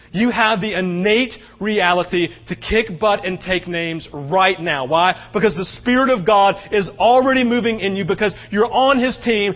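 A man preaching a sermon as pastor, passionate and swinging between loud outbursts and hushed stretches. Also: high voice, lo-fi sound.

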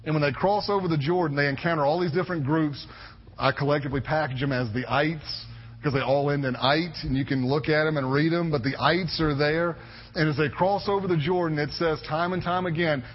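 A man's voice: a little high, steady tone, a little fast, slightly rough. A man in his thirties preaching a sermon as a pastor, emphatic and conversational, repeating his phrases for weight. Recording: echoey hall, dull lo-fi sound.

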